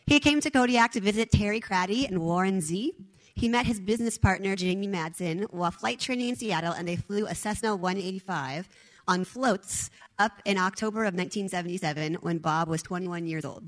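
A woman's voice: medium pitch, brisk, poor audio. Woman host reading a speaker introduction. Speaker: event host introducing storytellers.

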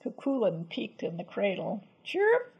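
A woman narrating a folktale in a measured, expressive storybook reading. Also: mid-range voice, gravelly, breathy edge, lo-fi sound.

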